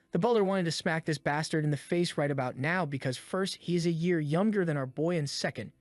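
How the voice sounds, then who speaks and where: A man's voice: a little high, brisk, hardly any pauses, no room sound. A man narrating a comic story recap in a laid-back, slangy, wry way.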